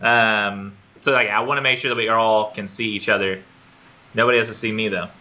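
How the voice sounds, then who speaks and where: A man's voice: fairly low pitch, steady tone, fairly quick, sharp tone, lo-fi sound. A man teaching a college literature class in a casual, rambling, self-deprecating way, in a classroom on a camera mic. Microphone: classroom computer camera for remote students.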